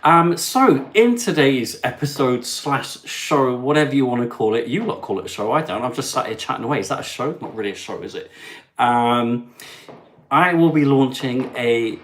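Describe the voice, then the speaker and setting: An English man in his young adult years talks casually to his live-stream viewers. He is chatty and upbeat, and his pitch jumps up brightly whenever he greets someone. His voice sits in an ordinary middle pitch. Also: lively intonation, normal speed. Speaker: travel vlogger hosting a live stream.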